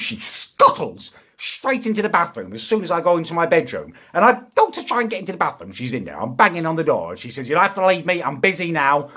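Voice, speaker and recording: A young man in a comedic rant, exasperated and indignant, with sudden high-pitched outbursts. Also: fairly bright tone, slightly rough. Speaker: comic ranting character.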